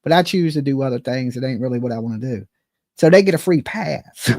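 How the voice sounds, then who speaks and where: A fairly high-pitched man with a drawl runs a live commentary stream. He rants bluntly and swears freely, talking straight at his viewers. His voice sounds dry and close. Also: animated, fairly quick, darkish tone, no room sound. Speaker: livestream commentary host.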